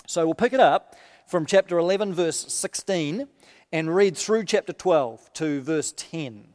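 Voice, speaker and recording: High-voiced preacher in a reverberant hall. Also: male voice, darkish tone. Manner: conversational, builds to impassioned emphasis. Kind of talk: sermon with scripture reading.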